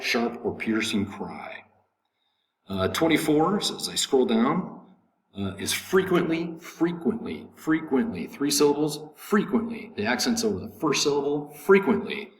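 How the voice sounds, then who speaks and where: A male English teacher reading a vocabulary list, repeating each word slowly and giving its syllables, stress and meaning. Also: medium pitch. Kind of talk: vocabulary lesson recording. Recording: echoey room, faint background noise.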